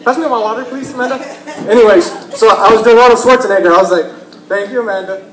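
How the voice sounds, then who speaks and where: High-voiced young man doing stand-up. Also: rapid-fire, fairly bright tone. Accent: Texan. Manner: laughs through his own jokes, slips into impressions. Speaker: stand-up comedian. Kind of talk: stand-up comedy set. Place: comedy bar stage. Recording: echoey club room.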